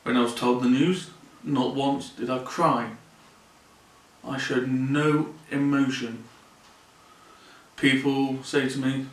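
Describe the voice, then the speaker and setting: A man's voice: mid-range voice, flat delivery, slow, long pauses. A man talking earnestly and plainly in a personal vlog from his mother's home, often repeating his phrases. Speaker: vlogger. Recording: roomy sound from a distant mic.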